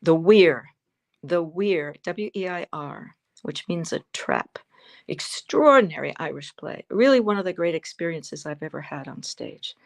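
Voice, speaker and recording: A woman's voice: low-pitched, expressive, vocal fry. Reflective woman in her seventies. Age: 70s. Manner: fond, reflective storytelling with pauses and fillers. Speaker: guest actress. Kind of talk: interview answers over a livestream.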